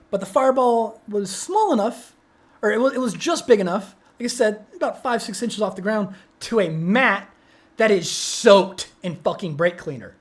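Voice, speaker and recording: A man's voice: sits high, animated, normal speed. Young guy cohosting a podcast, swears a ton, rambly and worked up, keeps restarting sentences. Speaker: podcast co-host. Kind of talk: casual storytelling chat.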